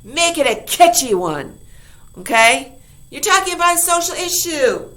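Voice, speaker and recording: A woman teacher reviewing a lesson for her class, upbeat and emphatic, full of rhetorical questions and quick "okay?" checks. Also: high voice, big pitch swings, a bit bright. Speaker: high school English teacher.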